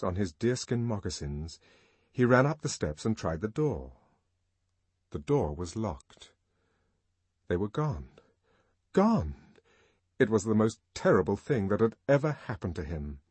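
An audiobook narrator with a low, husky male voice gives a scripted reading that is measured yet expressive and lively. The recording is dry.

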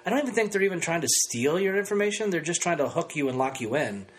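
A man's voice: on the high side, animated, quick pace. A man hosting a podcast, talking in a loose, rambling, self-mocking way in casual chat. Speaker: podcast host.

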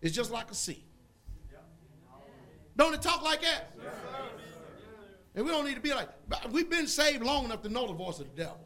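A male pastor preaches with fervor, his voice high and bright. He swings between quiet, low passages and sudden shouted peaks. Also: sing-song, fast talker, few pauses. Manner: fervent preaching, bursts into shouts. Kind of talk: sermon.

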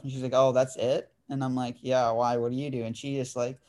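This podcast host, a guy in his 20s, tells a laid-back story full of "like" and "dude." He talks quickly with almost no pauses, keeping a level, mid-range voice that leans a little dark.

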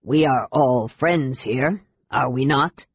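A reader voicing a sly, mocking male dark elf lord who speaks slowly with feigned innocence. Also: mid-range voice, no echo, lo-fi sound, pitched below the performer's own voice. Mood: sneering. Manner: slow, smooth, sneering.

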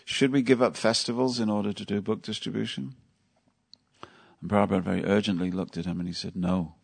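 In this devotional class at a temple, the man's lowish voice is steady, quick, gravelly and a bit rough. He weaves in stories in a chatty way and asks the audience questions.

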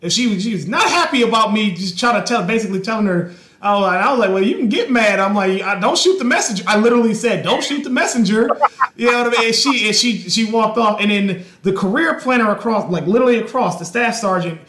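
Loud, profane young man hosting. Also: high voice, quick pace, hardly any pauses, roomy sound. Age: 20s. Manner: profane, loud, talks off the cuff. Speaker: host. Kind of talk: casual podcast chat.

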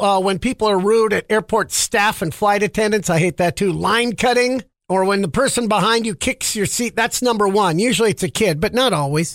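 A male podcast host with a very high, bright, forceful voice, cracking jokes through a comic monologue. He grumbles about pet peeves in a dry, close recording. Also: dry recording.

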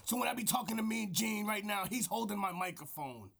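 A man's voice: high-pitched, lively intonation, fairly quick, vocal fry, a bit bright. A man co-hosting a comedy podcast, talking in a growling put-on wrestler voice with boastful, profane trash talk. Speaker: podcast co-host.

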